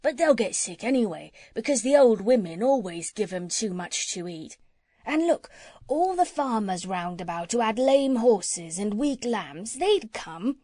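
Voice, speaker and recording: A woman's voice: mid-range voice, animated, unhurried, dark tone, no room sound. A woman voicing a chatty, scheming working man who sells meat for cats, with folksy dropped words. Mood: persuasive.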